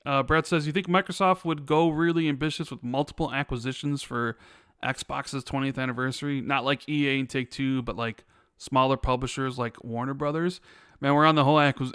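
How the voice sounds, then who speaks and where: A man's voice: mid-range voice, fairly even intonation, fairly quick, fairly bright tone, clear, resonant tone, no echo, clean studio sound. A man with a Chicago accent co-hosting a casual podcast, rambling and reading viewer questions aloud. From Chicago, USA. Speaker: podcast co-host.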